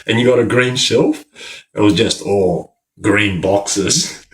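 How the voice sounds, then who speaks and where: A man's voice: fairly low pitch, takes it slowly. A man livestreaming, telling rambling stories to his chat in heavy slang and laughing often. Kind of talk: casual storytelling to a live chat.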